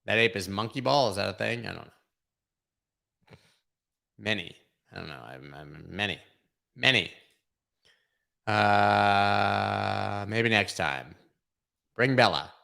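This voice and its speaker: Guy hosting a chatty stream, lowish gravelly voice, rambles and jokes a lot. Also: lively intonation, slow, long pauses, bright, forceful tone. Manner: rambling, joking, heavy use of filler words. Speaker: host. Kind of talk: casual livestream chat.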